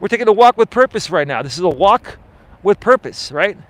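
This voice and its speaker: A man's voice: sits high, sing-song, a little fast, fairly bright tone. A man coaching on a live stream while he walks outdoors, reading chat aloud and answering it in a passionate, emphatic, argumentative way. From Greek heritage. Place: outdoors on an urban street, walking.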